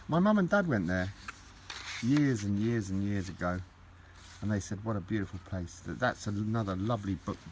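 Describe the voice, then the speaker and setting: A man's voice: on the low side, animated, moderate pace, slight background noise. A middle-aged man, chatting casually as he opens parcels, gushing and rambling with lots of repeats. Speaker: collector vlogger opening parcels. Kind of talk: casual unboxing chat.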